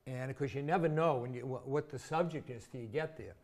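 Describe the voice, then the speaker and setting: A man's voice: medium pitch, fast talker, a little mellow. Older man telling a story in an interview. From Massachusetts. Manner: chatty, vivid anecdotes with self-deprecating humor. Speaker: interview guest, former teacher.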